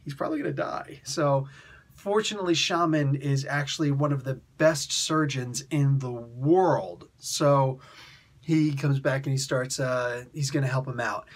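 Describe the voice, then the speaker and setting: A man hosting a casual comic book review, rambling through the story with chuckles and quick voiced quotes. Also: medium pitch.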